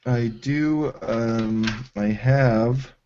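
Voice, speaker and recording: A man's voice: medium pitch, drawn-out words, mellow, lo-fi sound, slight background noise. A man playing a tabletop game, rambling through jokes and laughing. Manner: joking, rambling, giggly. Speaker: player. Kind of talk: casual tabletop play.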